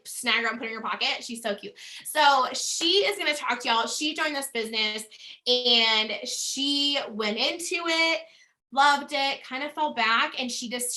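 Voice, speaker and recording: Gushing high-voiced woman host. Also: bright, forceful tone. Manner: gushing, effusive, casual with fillers. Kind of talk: emotional recognition speech on a video call. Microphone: video call.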